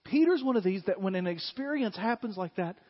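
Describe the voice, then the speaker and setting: A man, preaching a sermon in an animated way and acting out scenes. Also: high voice, brisk, slightly rough. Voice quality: animated, acts out scenes with shouts. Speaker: pastor. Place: church hall. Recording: muffled sound in a long-reverb hall.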